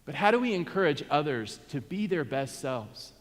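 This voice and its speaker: This pastor's voice sits on the high side, with a sing-song lilt and a moderate pace. His sermon echoes through the church sanctuary as he engages the congregation and invites their responses.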